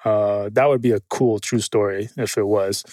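A man from Afghanistan in his thirties tells stories in easy, loose podcast talk. He's animated, swears freely and slips into the voices of the people he quotes. The recording is dry and close. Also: fairly low pitch, normal speed, no echo. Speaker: guest, former Green Beret. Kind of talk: casual conversational storytelling.

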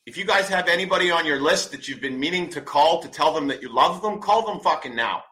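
Forceful, blunt motivational man in his forties. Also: a little high, lively intonation, brisk, rough recording. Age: 40s. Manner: emphatic, blunt, swears often; preachy, repeats commands for stress. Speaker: podcast host. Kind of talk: motivational monologue.

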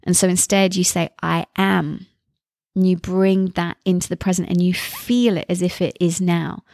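A woman hosting a self-help podcast, coaching listeners through affirmations in a calm, guided way. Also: lowish voice, normal speed, dry recording, clean studio sound. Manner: coaching, repeats affirmations in first person. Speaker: podcast host. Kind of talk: motivational talk.

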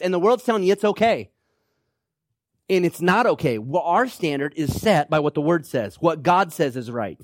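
A male preacher delivers an emphatic, rallying sermon. His voice sits high and leaps up and down with feeling. The sound is dry and close. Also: dry recording. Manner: emphatic, exhorting, rallying with "come on now". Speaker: pastor.

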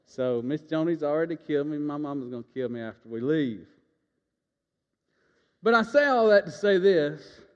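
A man preaching a sermon in a church, telling a folksy personal story and leading the congregation in call-and-response. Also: sits high. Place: church sanctuary. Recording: reverberant church, dull lo-fi sound.

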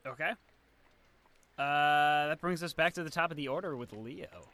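Bright-voiced man running a tabletop game. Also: a little high, moderate pace. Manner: loose, filler-heavy descriptions. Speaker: game master.

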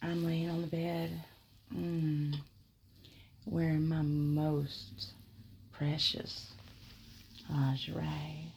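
A woman telling a first-person erotic story, drawing out her words with soft murmurs and frequent giggles. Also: low-pitched, little pitch movement, extremely slow, vocal fry, pauses often, slight background noise.

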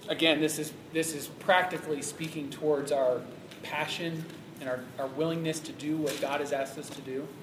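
A man preaching to a youth ministry audience in an emphatic, conversational way. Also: fairly high pitch. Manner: emphatic, conversational, acts out quoted voices. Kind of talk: sermon. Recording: echoey room with faint background noise.

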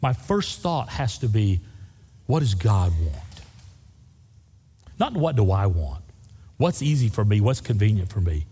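Pastor guy preaching, folksy storyteller, repeats stuff for punch, mellow husky voice, big church reverb. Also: on the low side, very animated, measured pace, pauses often. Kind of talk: sermon.

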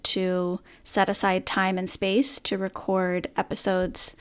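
A woman's voice: mid-range voice, completely flat delivery, takes it slowly, few pauses, smooth. A woman hosting her own podcast, talking candidly and earnestly about a hard morning in a reflective monologue. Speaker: podcast host.

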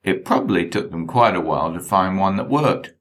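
A man reads his memoir aloud, wry and deadpan. His voice sits very low, yet his delivery rises and falls with lively expression. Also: brisk. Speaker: narrator. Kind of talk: memoir reading.

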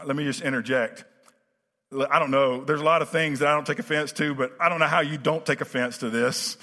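A pastor preaching a conversational sermon, full of fillers and restarts, that builds to emphatic preaching. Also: male voice, mid-range voice, normal speed, pushed and bright. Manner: rising to emphatic preaching cadence. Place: church sanctuary. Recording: reverberant church sanctuary.

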